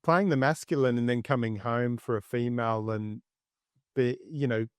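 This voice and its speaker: A man's voice: mid-range voice, normal speed, clear, resonant tone, no echo, studio quality. A man hosting a podcast interview, framing his questions hesitantly, with many fillers. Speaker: podcast host.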